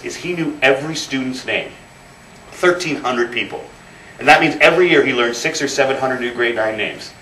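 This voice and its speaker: This thirties-aged man speaks at medium pitch with a fairly bright tone. As guest speaker at an event hall, he tells motivational stories and leans on emphatic repetition. The mic sits far off, leaving a roomy sound and faint noise.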